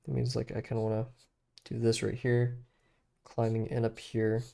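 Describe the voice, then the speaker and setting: A man's voice: mid-range voice, moderate pace, creaky. A young man streaming his drawing practice, chatting casually to himself and to chat with lots of fillers. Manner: relaxed, rambling, talks to himself and to chat with many fillers.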